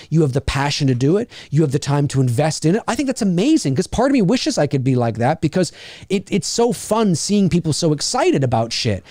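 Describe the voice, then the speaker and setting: Podcast host guy ranting, kinda high voice, stumbles and repeats himself a lot, dry close mic. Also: dry recording. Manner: animated, rambling, repeats words, swears often. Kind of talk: casual chat.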